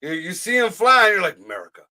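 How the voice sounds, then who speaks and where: A man's voice: a little high, expressive, moderate pace, a bit bright. A man co-hosting a live stream, telling loose, profane stories in casual slang. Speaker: podcast co-host. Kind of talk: casual chat.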